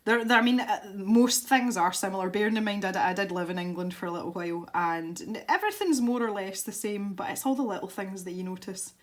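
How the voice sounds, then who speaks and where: A woman's voice: mid-range voice, fast, hardly any pauses. Chatty Scottish woman colouring. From Scotland. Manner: chatty, rambling, self-interrupting with laughs. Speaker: art YouTuber. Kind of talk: casual chat while colouring.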